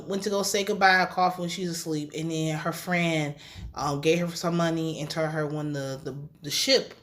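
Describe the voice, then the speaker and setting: A woman recapping a TV episode in a casual, slangy, chatty way, getting animated and emotional as she retells scenes. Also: low-pitched. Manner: casual slangy speech with swearing. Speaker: TV recap reviewer.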